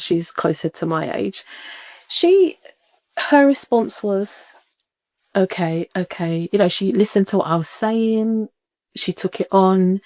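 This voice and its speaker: A woman speaks as a podcast guest in a mid-range voice, telling her own story with lively energy. She slips into the voices of the people she quotes and laughs easily. The sound is dry and close, with no room echo. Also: medium pitch, vocal fry. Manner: animated, acts out quoted voices, laughs often. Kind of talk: personal storytelling in conversation.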